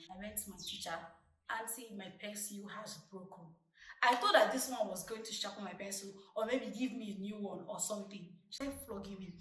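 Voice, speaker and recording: A young Nigerian woman in her twenties, a vlogger telling stories from her childhood in a chatty, lively way. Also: mid-range voice. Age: 20s. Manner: chatty, lively retelling with acted-out quotes. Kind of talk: casual storytelling to camera. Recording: roomy, distant mic.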